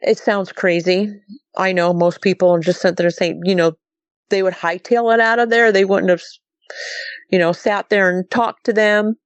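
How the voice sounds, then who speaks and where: A smooth, mid-range female voice at normal speed, with no echo, belongs to a middle-aged woman from Montana guesting on an interview. Recounting a sighting casually, she animates the conversation she quotes, saying "she goes" again and again.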